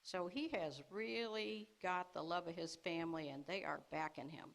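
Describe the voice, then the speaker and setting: A woman's voice: on the low side, moderate pace, creaky, low-quality recording. Woman telling a scripture story in a sermon. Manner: lively storytelling, acting out the brothers' lines with laughs. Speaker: speaker at a congregation service. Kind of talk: teaching sermon.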